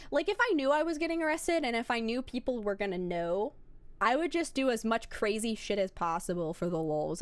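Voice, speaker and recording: A young adult woman VTuber chats casually on her livestream, rambling, swearing, and talking straight to chat. Her voice is mid-range with no room sound.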